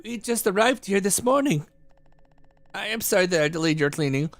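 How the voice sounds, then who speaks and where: A timid young boy who stammers and frets, as a man reads his lines aloud. The voice is pushed high and jumps around a lot, with some gravel underneath. It sounds dry and close to the mic. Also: animated, normal speed, no echo. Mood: upset. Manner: stammering, nervous. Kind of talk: voicing game dialogue on stream.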